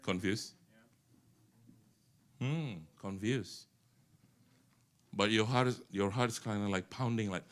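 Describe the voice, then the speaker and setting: A middle-aged man, an animated pastor preaching to a church and teasing the congregation. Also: on the low side, slow pace, long pauses. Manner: animated, teasing the congregation, mixing English with Indonesian. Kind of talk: sermon.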